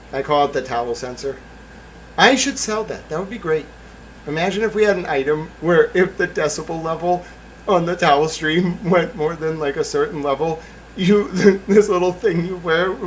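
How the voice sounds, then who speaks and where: Excitable man hosting a livestream. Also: fairly high pitch, normal speed, a little hiss or hum, poor audio. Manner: theatrical, bursts into yelling and laughter. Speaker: livestream host. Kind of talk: solo livestream commentary.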